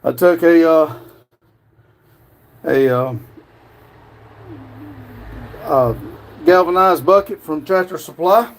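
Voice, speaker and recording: A man co-hosting a casual livestream, talking quietly and haltingly while showing his building work. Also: fairly high pitch, a little hiss or hum. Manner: soft-spoken, halting, many fillers.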